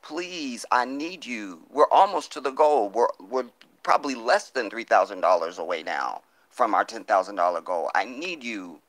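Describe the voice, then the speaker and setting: Guy with a lowish voice live streaming off his phone, fired up and cussing, begging chat for donations, dry sound. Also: lively intonation, normal speed, fairly bright tone, no echo. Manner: impassioned, profane, pleading for donations. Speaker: livestream host. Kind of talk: live-stream chat reading viewer comments.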